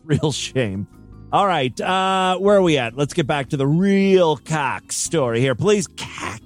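A man's voice: a little high, expressive, unhurried, soft background music. A man hosting a comedy podcast, reading odd news stories aloud and breaking in with wisecracking, mock-outraged asides. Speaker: podcast host. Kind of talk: comic news commentary.

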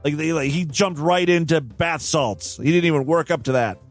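A man's voice: on the high side, normal speed, faint music behind. A man reading out crime news stories and breaking in with sarcastic, profane jokes. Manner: sarcastic, profane, mocking asides. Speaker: comedic news commentator.

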